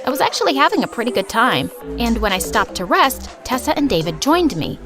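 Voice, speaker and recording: A woman narrating her own teenage story in a lively, expressive, breathless way. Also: on the high side, fairly quick, hardly any pauses, over music. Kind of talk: first-person story narration.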